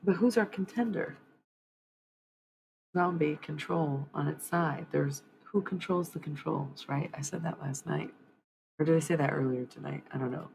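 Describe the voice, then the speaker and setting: A woman's voice: low voice, normal speed, vocal fry, darkish tone, a little hiss or hum, rough recording. A woman hosting a livestream card reading in casual chat, blunt and swearing freely, talking back sharply.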